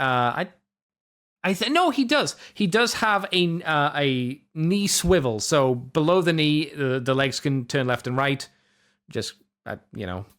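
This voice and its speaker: Rambling man with a slightly high voice. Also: fairly bright tone. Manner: rambling, many fillers and self-corrections; jokey, offhand asides. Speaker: podcast host. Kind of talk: casual toy review chat.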